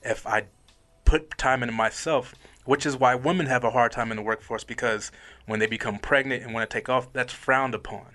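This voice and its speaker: A man in his forties co-hosting a casual panel talk, earnest and animated, often laughing as he speaks. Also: mid-range voice, brisk. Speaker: podcast co-host.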